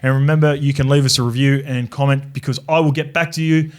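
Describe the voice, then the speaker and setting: A man's voice: mid-range voice, steady tone, fast talker. A man from New Zealand co-hosting a sports podcast, chatting casually with frequent restarts and swearing. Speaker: podcast co-host.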